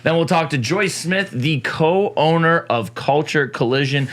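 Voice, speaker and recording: A man's voice: a little high, lively intonation, measured pace, fairly bright tone. A man co-hosting a casual talk show, joking and teasing his partner in an upbeat way. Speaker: co-host. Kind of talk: casual morning show banter.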